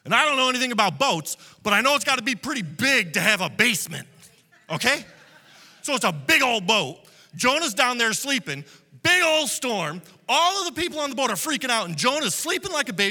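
A pastor man delivers a sermon in an animated storytelling manner. His voice is bright and sharp, with lively swings in pitch. A long reverb from a church hall trails behind every line. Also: brisk. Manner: animated storytelling, acting out quotes. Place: church hall with multiple locations.

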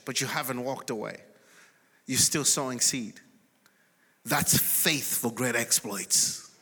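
Pastor, male, bright and forceful, preaching in a big echoing sanctuary, peaks into shouts. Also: mid-range voice. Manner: builds to shouted declarations. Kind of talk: sermon. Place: large church sanctuary. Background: congregation responding.

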